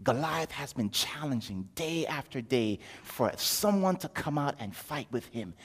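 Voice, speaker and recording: A man preaching a sermon as a vivid story, switching between hushed asides and loud, excited bursts. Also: medium pitch, a little slow, hardly any pauses, slightly rough, big-room sound.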